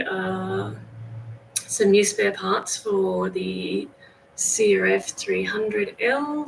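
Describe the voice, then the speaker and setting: An Australian woman hosts a relaxed livestream, talking slowly and chatting easily with her viewers. Her voice has a gravelly, creaky edge. A faint hum of room noise sits behind her. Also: on the high side, low-quality recording. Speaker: livestream host. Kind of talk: casual livestream chat. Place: home in northern Thailand.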